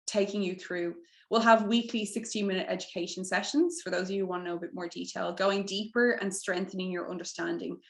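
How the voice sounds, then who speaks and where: A young woman coaching a live online masterclass, her voice sitting at a middle pitch. She pitches her program earnestly and lets her feelings show. The sound is roomy and echoing. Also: flat delivery, fairly quick, few pauses. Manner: heartfelt, gets emotional, breaks into tears and laughter. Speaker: mindset coach hosting a masterclass. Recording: echoey room.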